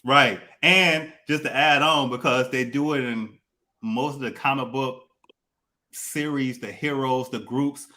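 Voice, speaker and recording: A man's voice: medium pitch, fairly even intonation, unhurried, bright, forceful tone. A man hosting a casual comic book podcast, talking loosely and repeating himself as he explains. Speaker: podcast host.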